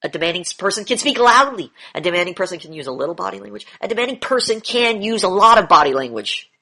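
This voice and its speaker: Blunt bright-voiced male coach lecturing. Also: sits high, lively intonation, fast, creaky. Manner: blunt, lecturing, repeats key phrases, swears now and then. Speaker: demand training coach. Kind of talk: online coaching session lecture.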